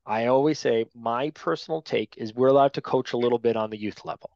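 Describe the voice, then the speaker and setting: A man leads a training class for new officials, talking in a straight, no-nonsense way and checking in with "right?" after his points. His voice sits at an ordinary middle pitch. The recording is dull and lo-fi, with a dry, close sound. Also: a little fast, a little mellow, no echo. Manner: direct, to-the-point, frequent tag "right?".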